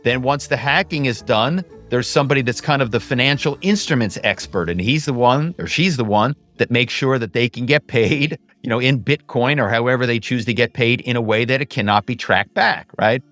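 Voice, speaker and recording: A man, a former actor, telling stories as a podcast guest in an animated, chatty way, often saying "you know". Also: mid-range voice, a little fast, hardly any pauses, soft background music. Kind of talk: casual interview talk.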